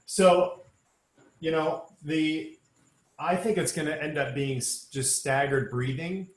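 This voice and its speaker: A man's voice: fairly high pitch, fairly even intonation, takes it slowly. A man leading a choir sectional rehearsal, talking singers through the music patiently, step by step, with many um and uh fillers. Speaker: choir director. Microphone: online rehearsal recording. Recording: echoey room with instrument music.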